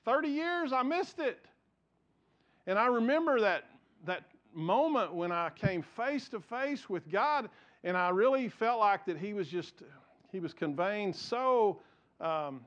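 A man's voice: sits high, lively intonation, measured pace, a bit bright, dull audio. A man, a pastor in his forties, preaching a sermon earnestly and often repeating words as he builds his points.

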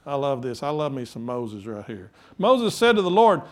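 Guy preaching, high voice, super animated, does little voices for the bible people. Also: measured pace. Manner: animated, acts out quotes with voices, laughs often. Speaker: pastor. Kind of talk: sermon.

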